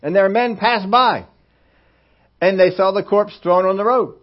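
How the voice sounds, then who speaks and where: A man's voice: sits high, unhurried. A male pastor giving a conversational sermon in a folksy, humorous way and acting out scenes. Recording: dull lo-fi sermon recording.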